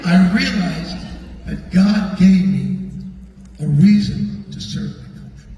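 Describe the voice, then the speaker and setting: An older man, a guest entertainer, telling a story in an animated, chatty way and acting out the voices of the people in it. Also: high voice, a little hiss or hum. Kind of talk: storytelling anecdote. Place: large echoing tunnel venue. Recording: echoey hall from far off, with crowd.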